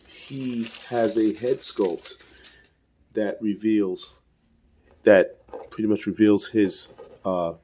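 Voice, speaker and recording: A man with a lowish, mellow voice talks through an action figure review off the cuff. He hesitates constantly, repeats himself and apologizes for mangling names. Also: slight background noise. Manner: rambling, hesitant, many fillers and restarts; self-deprecating, fumbles pronouncing names. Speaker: toy reviewer. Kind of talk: casual unscripted toy review.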